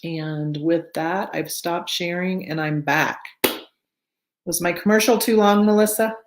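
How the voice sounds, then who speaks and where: A woman's voice: on the low side, a little slow, background noise. A woman hosting a virtual book club on a video call, chatty and now and then tongue-tied. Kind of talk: casual video-call chat.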